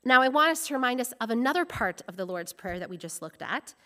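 A woman's voice: on the high side, lively intonation, fast, pushed and bright. A woman preaching a sermon, explaining scripture in a teaching tone and going into word meanings with enthusiasm.

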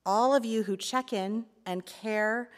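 A woman's voice: a little high, takes it slowly. A woman community life pastor giving a reflective sermon talk in church, playful and laughing at times, then earnest.

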